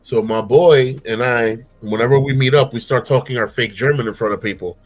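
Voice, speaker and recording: A middle-aged man, chatting casually on a stream and telling stories with animated, playful voices. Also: a little fast. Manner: animated storytelling, breaks into silly high-pitched voices. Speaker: streamer host. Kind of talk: casual chat. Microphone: streaming mic.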